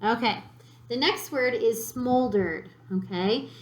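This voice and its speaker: In an echoey room, a woman with a fairly high voice teaches third graders to read at a slow pace. She patiently sounds out words one syllable at a time in this unhurried spelling lesson.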